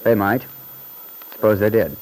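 A man's voice: lowish voice, a little slow, darkish tone, natural voice. An actor playing a blunt, contemptuous young writer who lectures a woman in 1940s radio drama style. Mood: earnest. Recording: scratchy old radio broadcast.

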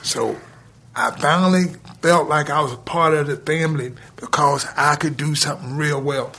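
A man's voice: fairly high pitch, creaky, bright, forceful tone, slightly rough. A man telling a long personal story as a podcast guest, with lots of "he said" and "I said.". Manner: drawn-out storytelling with repeated "he said".

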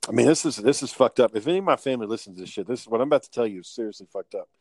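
A man's voice: mid-range voice, lively intonation, rapid-fire, darkish tone, no room sound. A man telling rambling, profane family stories in casual podcast chat.

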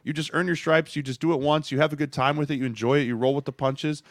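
A man's voice: a little high, steady tone, quick pace, no room sound, clean studio sound. A man in his thirties, a former football player co-hosting a podcast, talking with energy in a coaching tone and acting out what others said. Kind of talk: casual podcast chat.

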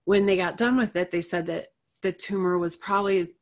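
A middle-aged woman, appearing as a guest, shares an emotional personal story in a candid, animated way and laughs between phrases. Her voice is fairly low and runs a little fast.

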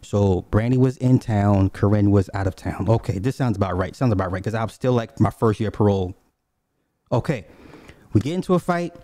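A man hosts a podcast with a mellow, dark voice. He tells blunt, profane stories and keeps breaking off into asides. The sound is close and dry, with no room echo. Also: lowish voice, a little fast. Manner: blunt, animated storytelling with frequent asides. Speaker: podcast host. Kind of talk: casual profane commentary.

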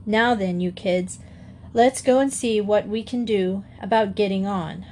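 A woman's voice: mid-range voice, unhurried, darkish tone, slight background noise, natural voice. A woman reading the part of a big fair man who talks bluntly and practically, reassuring a fainted young woman in a storybook. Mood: brisk. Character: big fair man, kindly but brisk rescuer.

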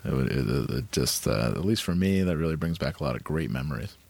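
A man's voice: extremely low pitch, expressive, fairly quick, vocal fry, darkish tone. A man co-hosting a podcast in casual chat, laid-back and eager about music. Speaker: podcast co-host.

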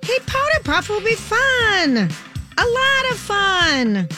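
Woman doing a manipulative teen girl, very high squeaky voice, bouncy sing-song delivery, music underneath. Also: very animated, full character voice. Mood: scheming, gossipy. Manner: fast, chirpy, high-pitched teen girl voice. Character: manipulative scheming teenage girl, gossipy and bubbly. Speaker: actor reading old high school notes.

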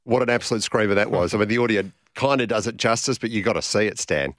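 A man's voice: on the low side, fast, fairly bright tone, no echo, clean studio sound. A man hosting an interview podcast, prompting his guest with short friendly interjections. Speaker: podcast host.

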